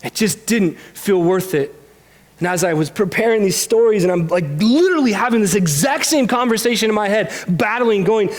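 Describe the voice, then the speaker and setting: A man's voice: sits high, normal speed. A man preaching a sermon in a church, earnest and candid, speaking openly of his own struggles. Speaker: pastor. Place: church sanctuary.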